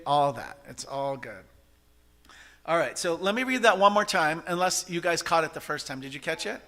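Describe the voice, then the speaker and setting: A man's voice: fairly high pitch, bright, forceful tone. A man giving an interactive spiritual talk to a congregation, often asking the audience questions. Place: church service hall.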